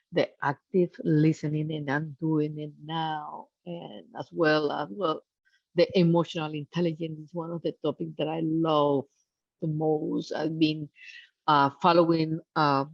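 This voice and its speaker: A woman's voice: low voice, little pitch movement, vocal fry, dry recording. Non lady on zoom, lots of uhs, dry muffled sound. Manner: halting, with many fillers. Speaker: program participant. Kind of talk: casual testimonial on a video call. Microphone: video call. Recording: dry, dull video call audio.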